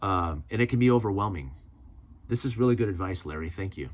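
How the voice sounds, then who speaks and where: A man hosting a vlog and reacting to viewer comments in a casual, rambling way, often correcting himself mid-sentence and laughing. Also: sits low. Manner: excitable, quick shifts in loudness. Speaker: prepping channel host.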